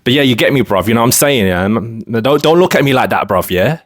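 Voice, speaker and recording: A man's voice: medium pitch, expressive, quick pace, dry recording, studio quality, close to an everyday voice. A man voicing a swaggering young London street tough with a slangy London street accent, acting threatening.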